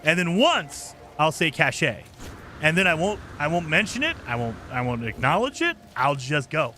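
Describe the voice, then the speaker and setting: Lively, bright-voiced male game streamer. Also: on the high side, normal speed, slight background noise. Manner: joking, teasing, laughs often. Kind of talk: casual live commentary while playing.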